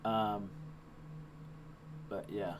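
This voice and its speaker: A man's voice: fairly low pitch, steady tone, very slow, background noise. A young man streaming live as he trades, talking casually, thinking aloud and swearing now and then. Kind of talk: live stream trading commentary.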